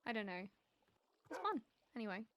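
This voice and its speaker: A young woman streaming a game, chatting casually and laughing often. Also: a little high. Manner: chatty, excitable, quick to laugh. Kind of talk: casual gaming stream chat.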